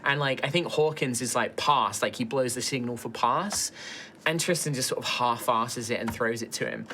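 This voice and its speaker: A male game master narrating in a chatty, loose way, full of fillers. His voice is bright and forward. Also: mid-range voice, moderate pace, slight background noise.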